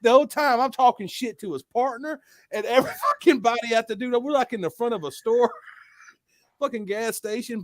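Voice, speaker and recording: A man's voice: high voice, no echo, studio quality. A young adult man telling a story in casual, profane podcast chat. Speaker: podcast host.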